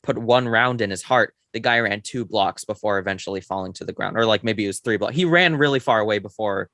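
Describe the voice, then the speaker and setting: A young man co-hosting a podcast, chatting excitedly about a film in a rambling way with lots of fillers. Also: fairly low pitch, fast talker, no room sound, studio quality. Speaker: podcast co-host. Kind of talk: casual film review chat.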